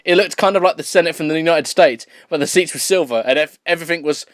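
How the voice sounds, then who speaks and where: Here a man reads terrible fan fiction as a comedic dramatic performance with commentary, frequently laughing and tripping over his words. His voice is fairly high and quick, with no room sound.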